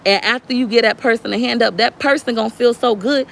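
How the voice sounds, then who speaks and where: A woman's voice: a little high, quick pace, gravelly. A woman speaking straight to viewers in a casual, preachy livestream chat. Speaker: livestream vlogger.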